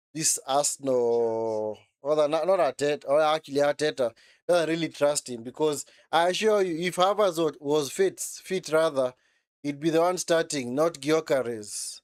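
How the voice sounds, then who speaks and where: A slightly high male voice, a little slow, comes across in clean studio sound without echo. During a football watchalong he gives relaxed, chatty commentary, reacting in the moment and sprinkling in "man" and "eh."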